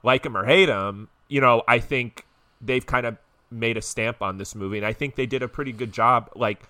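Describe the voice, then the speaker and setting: Man podcast co-host, bright dry voice. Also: medium pitch, normal speed, no echo. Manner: conversational, hedging with fillers. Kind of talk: casual chat.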